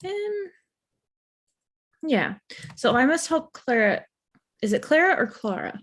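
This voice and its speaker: A woman player chatting casually during a tabletop game, playful and quick to joke about herself. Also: sits high, big pitch swings. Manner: playful, laughing, self-deprecating asides.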